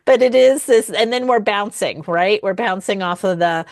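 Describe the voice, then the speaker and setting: A woman's voice: medium pitch, normal speed, hardly any pauses, dry recording, studio quality. A middle-aged woman co-hosting a casual podcast chat, talking as a mother in a thoughtful, hesitant way and laughing often. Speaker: podcast co-host.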